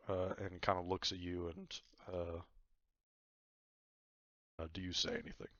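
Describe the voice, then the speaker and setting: A man's voice: sits low, flat delivery, moderate pace, long pauses, fairly bright tone, dry recording, highs cut off. A man narrating as game master, rambling and loose, with lots of fillers. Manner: rambling, many fillers and hedges.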